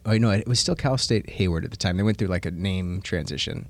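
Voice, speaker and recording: A man in his thirties talks through his life story as a podcast guest, rambling earnestly with a ready laugh. His voice sits very low. The studio recording is close and completely dry. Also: quick pace, no echo. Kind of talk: casual interview chat.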